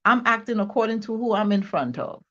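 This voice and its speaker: A woman's voice: on the high side, lively intonation, brisk, a bit bright, dull audio. A woman with an accent chatting playfully as a guest. She laughs often and repeats herself. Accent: non-native English accent. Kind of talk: casual chat. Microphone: video call.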